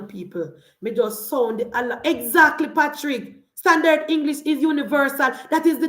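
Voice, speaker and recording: A Jamaican woman in her forties delivers a heated political rant in a high, insistent voice. She hammers her points home with repetition and pointed rhetorical questions. The sound is roomy and echoey. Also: fairly bright tone. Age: 40s. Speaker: political commentator. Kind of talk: opinionated political monologue.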